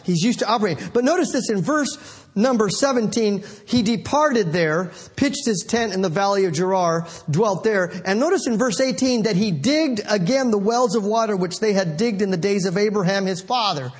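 A man preaching a sermon in an animated, conversational way, calling out to the congregation. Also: sits high, normal speed, breathy edge.

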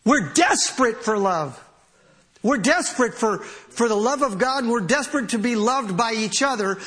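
A man preaching a sermon as pastor, animated and often laughing as he reads scripture aloud. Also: extremely high pitch, moderate pace.

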